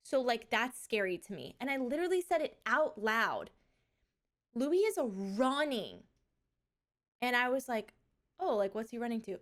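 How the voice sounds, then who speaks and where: A young woman streamer telling stories in casual chat, with lively quoted asides. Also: fairly high pitch, unhurried, pauses often. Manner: chatty storytelling, animated quoted asides.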